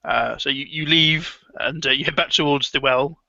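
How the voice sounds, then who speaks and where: A man's voice: a little high, moderate pace, vocal fry, pushed and bright, dry recording, highs cut off. A man narrating as game master of a tabletop horror game, hesitant with many ums. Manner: hesitant, full of ums and restarts.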